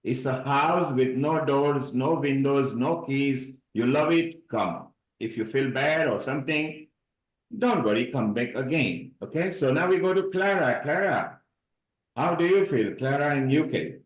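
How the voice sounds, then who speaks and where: A man hosts a live online celebration over a video call, moderating speakers in an upbeat, rambling style with folksy phrasing. His voice is medium in pitch and measured in pace. The recording has a roomy echo.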